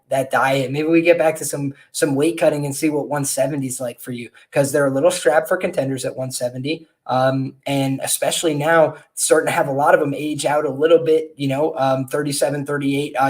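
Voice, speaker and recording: A man's voice: on the high side, a little mellow. A man hosting a podcast, giving casual, rambling betting analysis of upcoming fights with frequent fillers and restarts. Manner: conversational, many fillers and restarts. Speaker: podcast host and fight handicapper.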